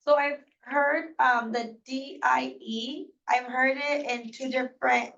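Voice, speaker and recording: A woman's voice: sits high, steady tone, slow, creaky, fairly bright tone. A woman student in an adult class, hesitantly asking a question and searching for words. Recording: distant, dull lo-fi classroom recording.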